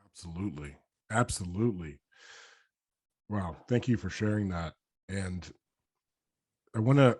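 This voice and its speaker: A man's voice: lowish voice, darkish tone. A man hosting a podcast, asking long, rambling questions and affirming his guest enthusiastically. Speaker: podcast host. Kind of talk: podcast interview.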